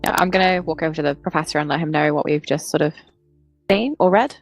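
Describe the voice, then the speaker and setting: A woman playing a tabletop game, playful and quick to laugh. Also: low voice, faint music behind. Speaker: player.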